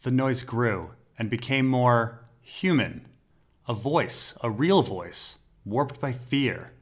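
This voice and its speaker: A man narrating a dark fantasy story in a slow, measured, dramatic way. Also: mid-range voice, animated. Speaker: audiobook narrator.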